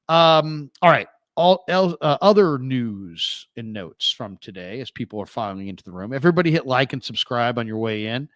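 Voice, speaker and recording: A man's voice: medium pitch, expressive, normal speed, few pauses, fairly bright tone, no room sound. A man hosting a sports talk show, chatting in a wry, offhand way and laughing at his own stories. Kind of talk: casual sports talk monologue.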